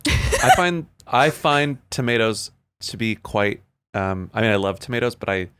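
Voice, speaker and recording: A man's voice: lowish voice, lively intonation, unhurried, a bit bright, smooth. A man appearing as a podcast guest in casual chat, hesitant and musing, with many fillers and restarts.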